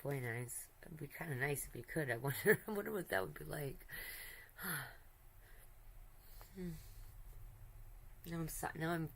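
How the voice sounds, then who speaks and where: A woman's voice: sits low, expressive, moderate pace, vocal fry, a bit bright, low-quality recording. A woman streamer chatting casually while she draws, rambling and giggly, affectionate, often breaking off mid-sentence. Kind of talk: casual chat while drawing.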